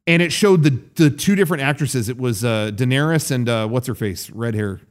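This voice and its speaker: A man's voice: medium pitch, brisk. A young man co-hosting a podcast, chatting casually and rambling through anecdotes with many fillers and restarts. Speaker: podcast co-host. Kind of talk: casual chat.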